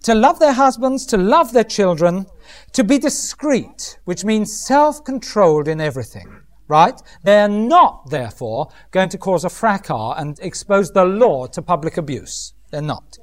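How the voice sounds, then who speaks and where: A man's voice: high voice, big pitch swings, a little slow. A middle-aged man preaching a humorous sermon, often mimicking other voices.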